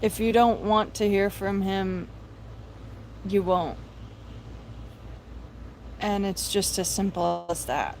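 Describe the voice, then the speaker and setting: A woman's voice: medium pitch, slow, creaky, pauses often, darkish tone, a little hiss or hum, low-quality recording. A young woman hosting a live stream, talking in an earnest, preachy, pleading way about faith. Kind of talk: impassioned religious vlog talk.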